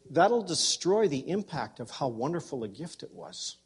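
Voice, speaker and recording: Husky-voiced man preaching a sermon. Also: a little high, animated, moderate pace, hardly any pauses. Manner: conversational preaching with folksy humor; addresses congregation members directly. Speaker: pastor.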